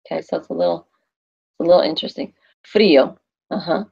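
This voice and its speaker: Gravelly-voiced woman teaching a lesson. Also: lowish voice, flat delivery, very fast, a little mellow, muffled recording. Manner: chatty, asks questions and answers them herself. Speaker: Spanish teacher. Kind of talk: recorded classroom lesson.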